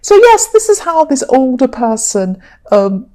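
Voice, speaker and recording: Mellow-voiced woman reading tarot. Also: sits high, measured pace. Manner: relaxed, chatty, many fillers. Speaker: tarot reader.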